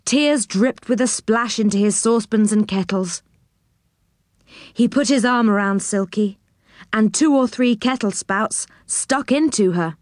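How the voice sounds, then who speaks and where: A woman reading a children's story aloud, unhurried and expressive, fairly high voice, dry close sound. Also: no echo. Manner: slow, gentle, expressive reading with voices for characters. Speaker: storybook reader.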